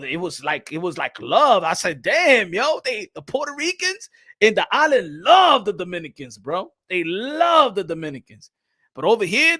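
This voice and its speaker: Animated, bright-voiced New man. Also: high voice, no room sound, clean studio sound. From New York City. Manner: animated, laughing, slangy, switching into Spanish. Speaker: boxing channel host. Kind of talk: casual live-stream chat.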